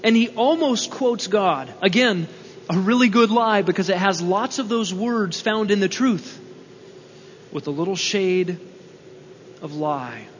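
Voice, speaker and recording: A man's voice: sits high, lively intonation, unhurried, a little hiss or hum. A male preacher giving a sermon, emphatic, repeating key lines and asking rhetorical questions. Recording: dull sound with long hall reverb.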